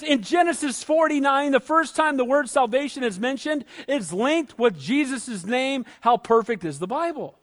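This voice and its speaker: Very high-voiced male preacher. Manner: lively, conversational preaching, asks the listeners questions. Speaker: pastor. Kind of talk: sermon.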